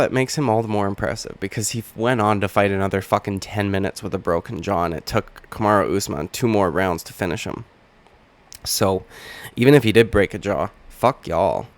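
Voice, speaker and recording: A young man hosting a casual reaction vlog, hoarse from just waking up, with a rambling, profane, wisecracking way of talking. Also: on the low side. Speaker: channel host.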